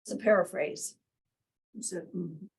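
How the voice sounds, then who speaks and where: A woman's voice: fairly low pitch, measured pace, darkish tone, breathy edge, low-quality recording. A woman leading a workshop in an indoor meeting room, teaching and quizzing the group, demonstrating different tones of voice. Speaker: workshop leader. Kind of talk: interactive teaching talk.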